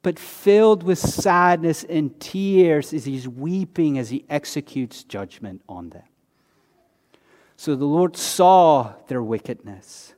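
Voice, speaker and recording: High-voiced preacher in a reverberant hall. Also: male voice, expressive, slow, a little mellow. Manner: conversational preaching with rhetorical questions, dropping low on key words. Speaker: pastor. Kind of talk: sermon.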